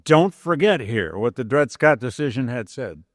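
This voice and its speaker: An older man, a history professor, giving a university lecture with lively storytelling and dramatic read-out quotes. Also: mid-range voice, normal speed, no echo, clean studio sound. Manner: storytelling lecturer, animated quoting of historical speeches. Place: large chapel lecture hall.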